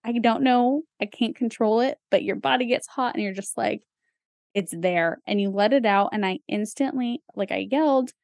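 A woman's voice: fairly high pitch, moderate pace, creaky, darkish tone, no room sound. A young woman co-hosting a podcast, talking in a casual, chatty way with lots of fillers and small laughs. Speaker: podcast co-host. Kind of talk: casual chat.

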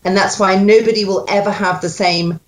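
Animated woman dialect coach, echoey room. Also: mid-range voice, brisk. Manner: animated, demonstrating sounds and accents. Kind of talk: coaching an actor in an accent session.

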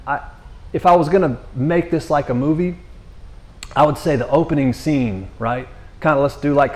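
A man giving a casual, conversational sermon, slangy and full of restarts. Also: fairly high pitch. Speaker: preacher.

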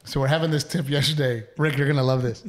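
A man's voice: medium pitch, quick pace. A young adult man telling a story on a podcast, acting out quotes and swearing freely. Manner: animated, acts out quotes, swears. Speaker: podcast co-host. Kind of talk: casual storytelling chat.

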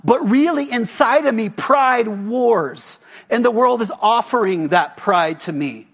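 Man, pastor, sermon, husky voice, high and lively pitch, conversational preaching. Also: a little slow. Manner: animated, conversational preaching with rhetorical questions.

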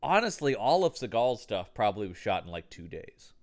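Male podcast co-host, casual chat; blunt, cusses, exclaims; animated pitch. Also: fairly quick. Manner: blunt, swears freely, exclaims.

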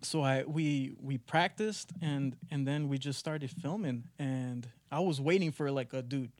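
Animated storytelling young man, dry close mic. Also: medium pitch, unhurried, dry recording. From United States. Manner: animated storytelling, acts out his own past thoughts. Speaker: podcast guest, actor and musician. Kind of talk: casual podcast chat.

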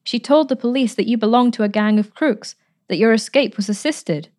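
A woman's voice: a little high, a little fast, a little mellow, voice pushed up, natural voice. A woman reading a storybook, voicing an eager, timid eighteen-year-old girl who speaks earnestly and stammers a little.

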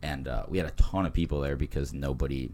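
A man in his twenties with a remarkably low, deep voice. He talks in a loose, laid-back way, rambling through stories with frequent laughs and fillers, like a podcast guest among friends. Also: steady tone, fast, darkish tone, a little hiss or hum. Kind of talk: casual podcast chat.

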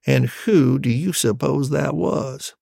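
A man voicing his old father, who tells a boyhood tale in a slow, drawn-out, teasing way. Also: medium pitch, gravelly, mellow, husky, dry recording, studio quality, heavily acted. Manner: slow, drawn-out, savoring delivery.

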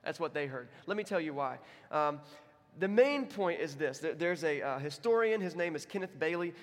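A man's voice: a little high, long reverb tail. A man preaching a sermon as pastor, in a conversational, self-deprecating way. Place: church.

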